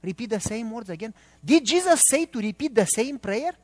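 A man's voice: extremely high pitch, lively intonation, brisk, big-room sound. A middle-aged man, preaching a sermon as a pastor and quizzing the congregation with emphatic questions.

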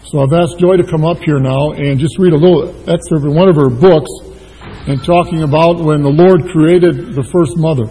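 A man's voice: fairly high pitch, fairly even intonation, normal speed, warm tone, breathy edge, long reverb tail, low-quality recording. A man pastoring a church, giving an informal sermon with many fillers. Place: church sanctuary.

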